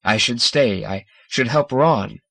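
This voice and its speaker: A man's voice: medium pitch, takes it slowly, gravelly, fairly bright tone, no room sound, exaggerated voice. A man reading a bewildered earnest man.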